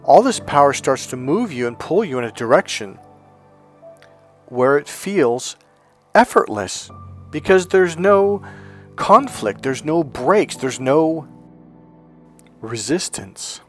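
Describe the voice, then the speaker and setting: Animated man giving a motivational talk. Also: fairly high pitch, slow, long pauses, soft background music. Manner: animated and conversational, acts out quotes. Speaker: self-help speaker. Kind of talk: motivational talk with personal stories.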